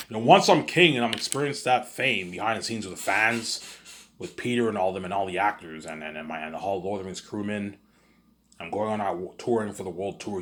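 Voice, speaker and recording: Fast-talking man with a low voice. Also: fairly bright tone. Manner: rambling, repetitive, profane. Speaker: vlogger. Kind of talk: rambling monologue to camera.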